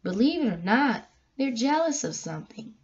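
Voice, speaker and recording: A woman vlogger giving a casual spiritual talk, animated and emphatic as she tells stories. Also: a little high, moderate pace. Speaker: vlogger giving a faith message. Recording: dull lo-fi recording.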